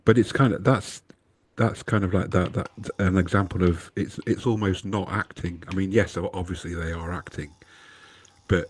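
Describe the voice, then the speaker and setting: A man's voice: sits low, fairly even intonation, moderate pace, slight background noise. A man co-hosting a podcast, talking in a rambling, casual way, often stopping and restarting his sentences and swearing freely. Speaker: podcast co-host. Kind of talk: casual chat.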